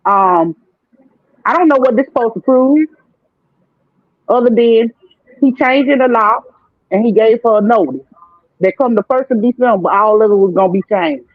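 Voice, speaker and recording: A man's voice: very high-pitched, moderate pace, long pauses, no echo. A man on a panel giving blunt, plain-spoken opinions over a video call. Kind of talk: casual opinionated commentary. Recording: thin phone-like line.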